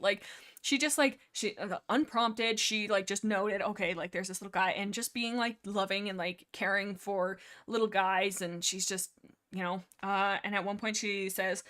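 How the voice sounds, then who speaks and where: A woman's voice: medium pitch, normal speed, a bit bright. A woman hosting a livestream, rambling casually about a book. She giggles often and cuts herself off mid-thought. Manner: giggly, rambling, self-interrupting. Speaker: livestream host.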